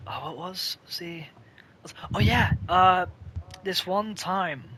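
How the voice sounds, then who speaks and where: A man's voice: high-pitched, slow, sharp tone, slight background noise. A young man in casual chat, telling rambling shop stories with swearing and laughter. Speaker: podcast co-host.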